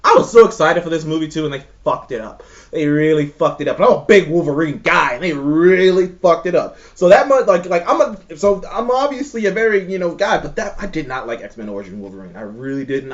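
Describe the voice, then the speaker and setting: A man's voice: a little high, lively intonation, fairly quick, hardly any pauses. Profane, exasperated man ranting on a lo-fi recording. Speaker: show co-host ranking movies. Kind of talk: ranting casual chat. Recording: slightly dull lo-fi recording.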